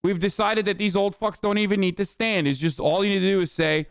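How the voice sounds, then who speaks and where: This streamer reacting to news clips has a high-pitched voice with vocal fry, speaking fairly quickly in a steady tone as he rants with exasperation, swearing and piling on fillers. The sound is clean studio audio with no room noise.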